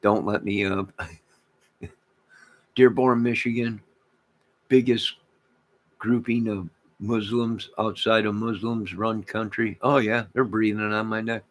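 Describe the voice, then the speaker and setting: A man's voice: lowish voice, steady tone, slow, long pauses. Man ranting in a rambling monologue. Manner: emphatic, repetitive, swings between loud declarations and muttered asides. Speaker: channel host. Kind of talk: rambling rant to camera.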